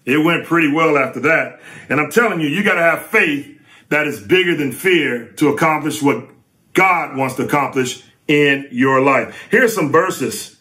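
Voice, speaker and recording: A middle-aged man preaching a sermon, emphatic and lively, with sudden rises for stress. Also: on the high side, moderate pace.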